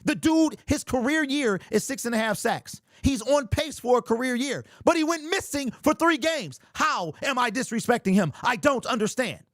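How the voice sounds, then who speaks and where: A man hosting a fan sports talk stream, reading chat aloud and ranting in an animated, exasperated way. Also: very high voice, normal speed, hardly any pauses, no echo, clean studio sound. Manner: animated, exasperated ranting, keeps saying "bro".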